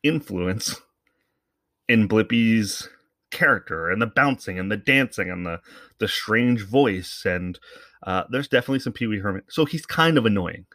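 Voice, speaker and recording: A man's voice: lowish voice, lively intonation, normal speed, a bit bright, no echo, studio quality. A man hosting a podcast, giving casual, rambling commentary in a sarcastic, profane way. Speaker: podcast host.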